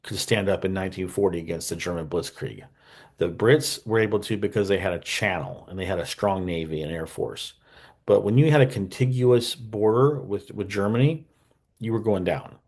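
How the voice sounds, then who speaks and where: A man's voice: deep voice, darkish tone. A man hosting a history channel, talking casually and unscripted, full of fillers, asides and wry jokes. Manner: rambling, conversational, many fillers and asides.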